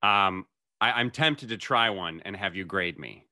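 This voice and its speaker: A man's voice: low voice, unhurried, bright, forceful tone. A man hosting a sports interview, asking questions in a playful, teasing way. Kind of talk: casual interview.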